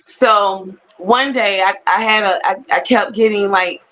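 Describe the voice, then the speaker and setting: A woman telling her personal testimony as an animated storyteller who repeats phrases for emphasis. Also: medium pitch, a little slow, poor audio. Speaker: guest sharing a personal testimony.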